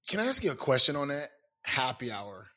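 Bright-voiced animated man. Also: medium pitch, fairly quick, husky. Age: 30s. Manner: animated storyteller, acts out quotes in character. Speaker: podcast co-host. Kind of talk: casual chat.

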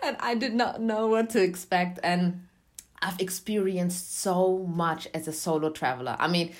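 Animated young woman telling a story. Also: fairly low pitch, measured pace. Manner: animated, laughs often, acts out quotes. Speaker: interview guest. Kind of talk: casual storytelling in conversation.

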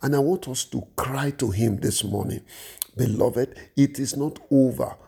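Fervent preacher, gravelly husky voice. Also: male voice, mid-range voice, a little slow, darkish tone. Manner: fervent, repeats phrases and restarts. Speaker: pastor. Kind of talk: sermon with prayer.

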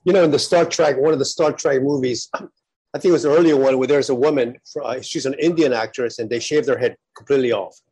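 A man's voice: mid-range voice, fast, a little mellow, slightly rough, rough recording. A man hosting a podcast, chatting casually with a loose, rambling delivery. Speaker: podcast host. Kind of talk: casual chat.

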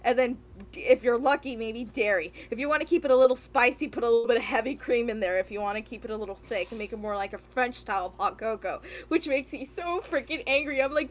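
A woman with a bright, high voice co-hosts a casual podcast chat. She rants in an animated way, swears freely and breaks into laughter. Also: quick pace. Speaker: podcast co-host.

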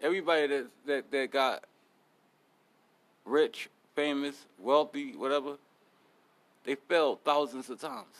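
A man's voice: medium pitch, unhurried, pauses often, a bit bright. Blunt, cursing podcast host man. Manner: blunt, profane, motivational. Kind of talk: casual podcast monologue.

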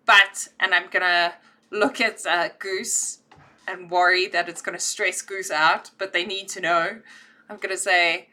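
Bright-voiced woman player. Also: on the low side, steady tone, a little slow. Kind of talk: tabletop role-play.

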